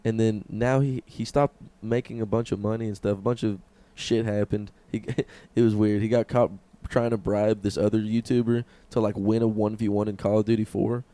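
A man's voice: fairly low pitch, little pitch movement, normal speed, few pauses, warm tone, no room sound. A young man co-hosting a podcast, telling stories in loose comedic chat, swearing freely and laughing often. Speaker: podcast co-host.

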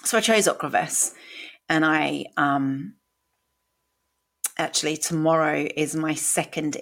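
A woman's voice: deep voice, creaky. A woman in her forties hosting a podcast, telling her own story in a candid, emotional way and swearing casually. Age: 40s. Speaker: podcast host. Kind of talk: personal story monologue.

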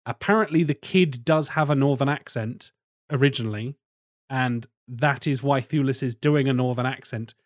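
A man's voice: mid-range voice, normal speed, no room sound, studio quality. A man hosting a casual film podcast, swearing freely and quizzing his co-hosts. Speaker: podcast host.

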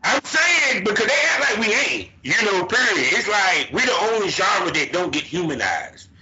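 A man hosting a casual podcast chat, telling animated stories and circling back on his points. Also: sits high, moderate pace, heavy background noise. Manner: animated storyteller who repeats "but see". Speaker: podcast host. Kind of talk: casual conversation. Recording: dull lo-fi recording.

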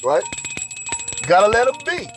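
A man hosts a profane, rambling comedy rant, forever checking in with "right?" His voice sits high and swings animatedly. Faint music plays behind him. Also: big pitch swings, unhurried. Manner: crude, rambling, repeats "right?". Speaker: podcast host.

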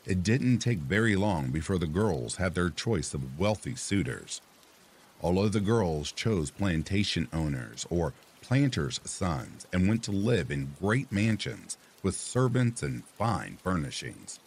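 A man narrating a folk tale in a measured, expressive reading. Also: low-pitched, slightly rough. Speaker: storyteller. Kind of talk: scripted storybook narration.

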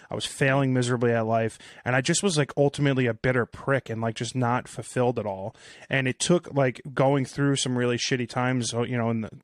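A man's voice: medium pitch, no room sound, studio quality. A man in his thirties hosting a podcast, talking candidly and casually, swearing freely. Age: 30s. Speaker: podcast host.

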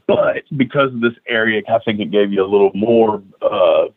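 A man's voice: fairly low pitch, normal speed, no room sound. Easygoing male co-host, dry lo-fi sound. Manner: easygoing, agreeable, laughs along. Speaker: podcast co-host. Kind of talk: casual chat interview. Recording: dry, dull lo-fi line.

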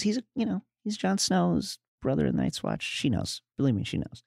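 A man's voice: high voice, huge pitch swings, moderate pace, creaky, a little mellow, no room sound, studio quality. A man co-hosting a podcast, retelling scenes casually, often laughing and reading the characters' lines aloud. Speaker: podcast co-host. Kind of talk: casual recap chat.

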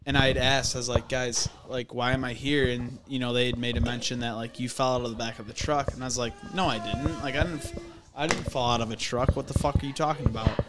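A man's voice: medium pitch, fairly even intonation, quick pace, music in the background. A young man, a podcast guest, telling a profane story loosely and full of fillers. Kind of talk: casual storytelling. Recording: audible background noise.

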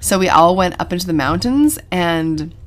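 Chatty lower-voiced mom co-host. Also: female voice, moderate pace. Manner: chatty, animated, laughs often, many "like"s. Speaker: podcast co-host and mother. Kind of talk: casual chat.

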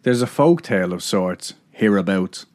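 A man's voice: low voice, lively intonation, moderate pace, darkish tone, no room sound. Man doing a gloomy old Irish principal. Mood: ominous. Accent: heavy rural Irish. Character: old male school principal, gloomy and level-headed.

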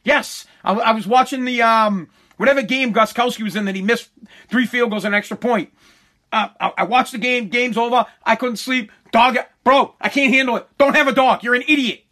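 A man ranting in a casual, comic way, exasperated and griping, often stammering and repeating his words. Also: very high voice. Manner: shouts when quoting himself.

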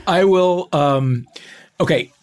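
A man's voice: fairly high pitch, slow, darkish tone. A man hosting a casual chat, telling his own story with enthusiasm and self-mockery. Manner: enthusiastic, self-mocking, many fillers.

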